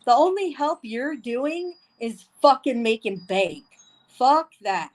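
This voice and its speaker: On a low-quality recording with faint wind chimes behind her, a woman livestreamer rants angrily, swearing and repeating herself over and over. Her fairly high voice swings widely in pitch, and she speaks slowly in a heated, profane manner.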